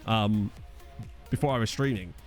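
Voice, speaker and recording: A man's voice: lowish voice, moderate pace, soft background music. A young man from Essex with an Essex accent, chatting casually while streaming a football management game and answering his chat. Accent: Essex English. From Essex, England. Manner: chatty, reads chat aloud, jokey asides.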